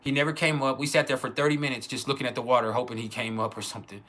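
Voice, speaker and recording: A man telling a personal childhood story in a casual, halting way, with many restarts. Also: medium pitch, flat delivery, fairly bright tone. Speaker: channel host.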